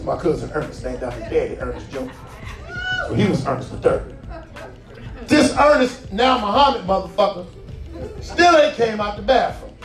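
A male comedian in his forties tells a profane, animated stand-up story. His voice sits high, and he sounds distant in a roomy, echoing hall with faint music underneath. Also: moderate pace, long pauses. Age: 40s.

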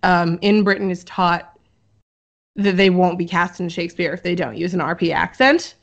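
A woman hosting a casual podcast, explaining an article she found in an easygoing, chatty way. She pauses on fillers as she reads from her notes. The recording is a bit dull and lo-fi. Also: lowish voice. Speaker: podcast host presenting research. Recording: dull lo-fi audio.

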